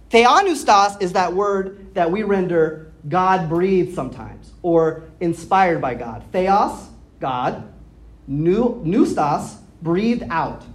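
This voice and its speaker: A woman preacher giving a teaching sermon, explaining things step by step, asking her listeners questions and sounding out Greek words slowly. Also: medium pitch. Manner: explanatory, asks the audience questions. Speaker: pastor.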